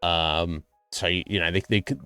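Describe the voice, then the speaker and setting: A man's voice: sits low, fairly even intonation, unhurried, pushed and bright, clean tone, no echo, soft background music. A man streaming and chatting casually with his viewers, rambling and swearing freely. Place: home streaming setup.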